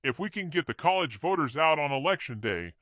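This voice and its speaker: A man voicing a confident male campaign manager in a storybook reading, speaking smoothly. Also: fairly high pitch, very animated, a little fast, a bit bright, dry recording, voice pushed up.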